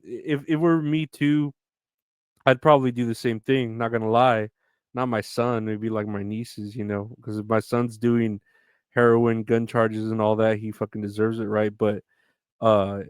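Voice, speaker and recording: A man's voice: mid-range voice, clean tone, no room sound, clean studio sound. A man hosting a solo podcast, ranting in a profane, sarcastic way with crude jokes. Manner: profane, sarcastic, mocking quoted voices. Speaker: podcast host. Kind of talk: rambling solo podcast rant.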